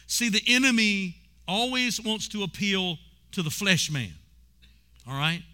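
Bright, forceful preaching man. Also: high voice, lively intonation, normal speed, clear, resonant tone. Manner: preaching with call-and-response, rising to shouts. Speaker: pastor. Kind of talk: sermon.

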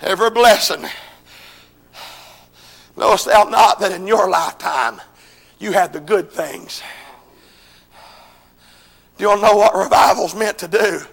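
A man preaching a revival sermon, swinging between shouted, chanted lines and quieter pleading passages. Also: unhurried, gravelly, long pauses. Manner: shouting, chanting preaching with sudden drops to low intensity. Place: church. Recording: echoey church hall with congregation.

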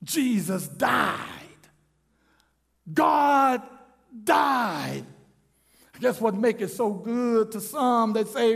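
High gravelly preacher, slow and shouting. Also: male voice, very animated. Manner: impassioned, shouting, drawn-out. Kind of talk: sermon.

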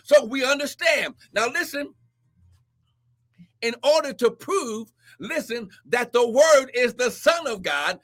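A man preaches with a very high, bright voice, drawing his words out slowly. He shouts and whoops, breaking in with "listen" and "glory" again and again. It is a fiery, prophetic sermon. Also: expressive.

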